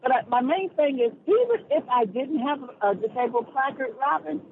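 High-voiced male caller on a tinny phone line. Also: slight background noise. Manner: animated, indignant, quick retorts. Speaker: radio call-in caller. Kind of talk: casual storytelling on a call-in show.

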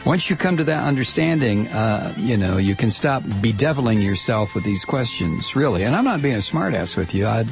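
A man's voice: mid-range voice, sing-song, normal speed, gravelly, few pauses, soft background music. A middle-aged man hosting political talk radio. He rants heatedly and stumbles over repeated words as he goes. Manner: heated, ranting, stammering restarts.

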